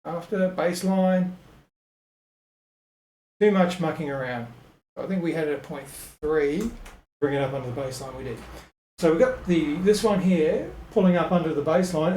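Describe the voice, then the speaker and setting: A man with a slightly high voice walks through a web design tutorial, muttering and correcting himself as he clicks along. The room is echoey, with a faint hum of ambience behind him. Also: a little mellow. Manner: thinking aloud with many ums and self-corrections. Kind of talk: casual screen-recorded tutorial.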